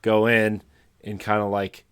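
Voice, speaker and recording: A man co-hosting a podcast in casual chat with dry, low-key humor. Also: completely flat delivery, measured pace, a bit bright, clear, resonant tone, no echo. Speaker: podcast co-host.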